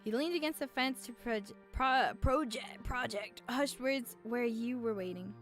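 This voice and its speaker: High-voiced young woman streamer. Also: a little slow, fairly bright tone, soft background music. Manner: emotional, teary reactions, casual swearing. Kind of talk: reading a romance game aloud while playing.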